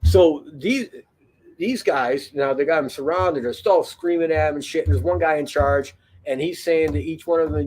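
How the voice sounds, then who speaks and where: Husky, rambling storyteller man. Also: a little high, normal speed, darkish tone. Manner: rambling, profane, lots of fillers and restarts. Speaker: podcast host. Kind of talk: casual storytelling.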